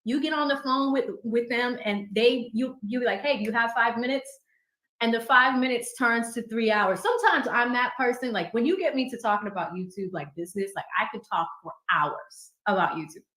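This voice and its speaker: A woman's voice: fairly high pitch, lively intonation, a bit bright. A woman hosting a livestream in a casual, chatty and upbeat manner, reading out viewer super chats. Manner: chatty, upbeat, quick asides. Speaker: livestream host. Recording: echoey room.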